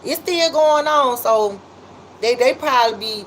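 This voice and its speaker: A woman with a Memphis accent chats on a livestream, reading out comments and shouting out her viewers. Her voice sits a little high and she talks in a loose, drawn-out way. There is a faint hiss under the recording. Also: low-quality recording. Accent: Memphis, Southern US. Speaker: livestream host.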